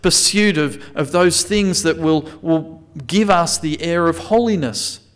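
A man's voice: a little high, measured pace. A man preaching a sermon, reading scripture aloud and explaining it with frequent restarts and self-corrections. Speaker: pastor.

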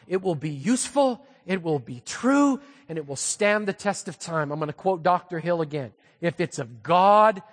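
A male pastor preaches with animated, joking energy, his voice sitting high for a man. The sermon rings through a church hall with a long, trailing reverb. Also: slightly rough. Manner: animated, humorous storytelling.

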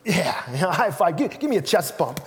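High-voiced male pastor preaching in a hall. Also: fairly quick. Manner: animated storytelling, acting out quotes with a laugh. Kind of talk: sermon. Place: church sanctuary. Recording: reverberant church hall.

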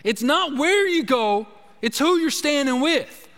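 A man's voice: very high-pitched, expressive, measured pace, a bit bright. A man preaching a sermon as pastor, emphatic and repetitive, often restarting his phrases. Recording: long hall reverb.

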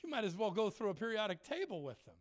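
Speaking fast in a high voice, a German man preaches a funny, story-filled sermon. He's a traveling preacher and worship leader who jokes, laughs often, stays animated and mimics other people's voices.

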